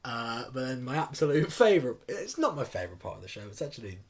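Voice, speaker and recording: A man's voice: medium pitch, sing-song, fast, slightly rough. A man co-hosting a podcast, rambling through a story in casual chat with lots of fillers. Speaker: podcast co-host.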